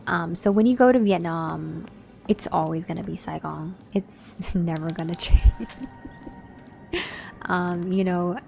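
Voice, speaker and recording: This young Southern Californian livestream host has a lowish, creaky, darkish voice and takes her time. She chats laid-back with viewers, reading and responding to the chat, with a little hiss or hum in the recording.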